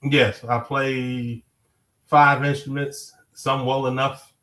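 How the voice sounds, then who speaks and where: A man from Harlem with a New York accent, a musician being interviewed, laid-back and quick to laugh. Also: mid-range voice, little pitch movement, fairly bright tone, poor audio. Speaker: guest, musician and producer. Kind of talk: casual interview.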